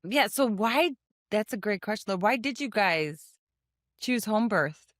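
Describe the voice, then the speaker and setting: A woman hosts a podcast interview in an easy, chatty way. She laughs readily and keeps the guests talking with friendly questions. Her voice sits at a middle pitch and sounds close and dry. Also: lively intonation, measured pace, fairly bright tone, dry recording. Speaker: podcast host. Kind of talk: casual interview chat.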